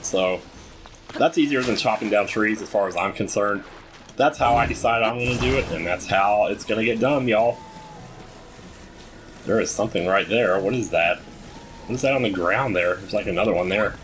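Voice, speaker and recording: A man with a fairly low voice talks his way through a video game in a loose, joking manner, often addressing the characters on screen. Soft game music plays underneath. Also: normal speed, long pauses. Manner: chatty, jokey, talks to the game's characters. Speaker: gameplay commentator. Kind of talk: casual let's-play commentary.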